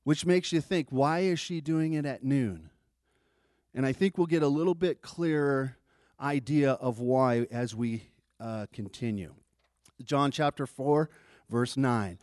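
A man's voice: mid-range voice, measured pace, a little mellow, no room sound, studio quality. A male pastor giving a conversational sermon, often repeating words as he restarts.

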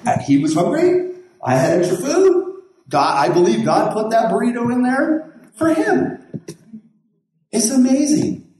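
In a very echoey room, with slight background noise, a man tells casual stories. He's a pastor whose high-pitched voice has a dark tone, and his folksy, rambling delivery is full of restarts.

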